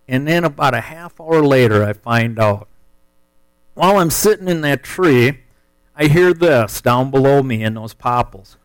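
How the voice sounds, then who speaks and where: A man, telling a hunting story in a folksy, animated way as part of a sermon. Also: mid-range voice, a little slow, clean tone, dry recording, poor audio. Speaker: speaker telling a testimony.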